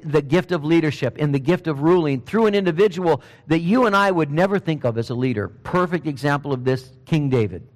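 Male preacher, higher voice, animated storyteller, reverberant hall sound. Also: a little fast, few pauses. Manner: animated storytelling, acting out Bible figures in casual speech. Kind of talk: sermon.

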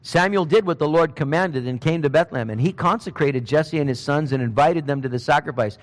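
A man preaching a sermon, telling Bible stories in a lively, conversational way and briefly voicing the people in them. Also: a little high, brisk, in a large hall. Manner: animated storytelling, acting out Bible figures in casual speech.

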